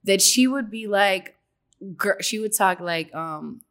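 A woman's voice: medium pitch, expressive, slow pace, fairly bright tone. A woman actress as an interview guest, telling stories in a giggly, rambling way with frequent laughs. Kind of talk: casual interview chat.

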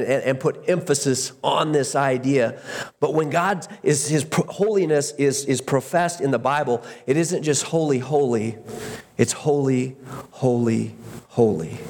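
A man's voice: medium pitch, darkish tone, long reverb tail. A man preaching a sermon as pastor, earnest, repeating words for emphasis and often restarting his sentences.

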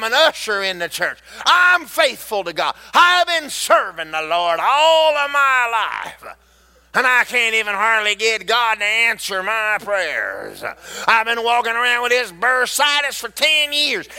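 A sulky, self-pitying church usher, a man grumbling that God treats him unfairly, as a preacher puts him on mid-sermon. His voice swings widely in pitch, from low mutters to high indignant bursts. The tone is bright and forceful. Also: heavily acted. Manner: complaining, aggrieved whine.

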